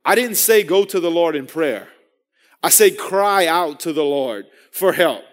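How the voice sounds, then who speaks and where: Man, sermon, high voice, earnest, repeats and restarts phrases. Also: expressive, a little slow. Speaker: preacher.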